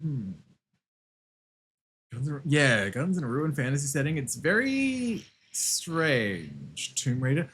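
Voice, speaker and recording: A man streaming a game and chatting casually, excitable, laughing a lot and swearing often. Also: mid-range voice, normal speed, pauses often, breathy edge. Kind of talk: casual livestream chat while gaming.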